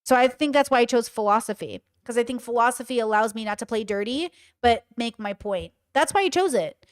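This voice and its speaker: A woman's voice: on the high side, brisk. Emphatic woman telling stories on a livestream. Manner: emphatic, animated, blunt and profane. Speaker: livestream commentator. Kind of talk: casual livestream storytelling and commentary.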